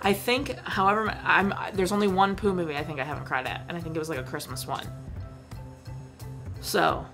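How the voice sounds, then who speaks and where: A woman's voice: fairly low pitch, fairly even intonation, a little fast, music in the background. A young woman chatting casually about a movie she just watched, full of fillers and giggles. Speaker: movie review vlogger. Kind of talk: casual movie review chat.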